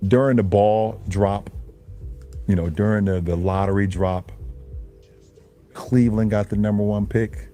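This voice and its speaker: A man's voice: fairly low pitch, steady tone, unhurried, long pauses, mellow, faint music behind, lightly acted. A man doing an impression of a basketball star in an interview, rambling and fumbling with many fillers. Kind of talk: comedic impression in a sketch.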